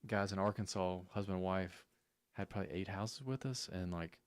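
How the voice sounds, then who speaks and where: A man appearing as a real estate guest on a radio show, telling relaxed anecdotes and saying "you know" a lot. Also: low voice, normal speed, clean tone, dry recording, studio quality. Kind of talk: casual radio chat.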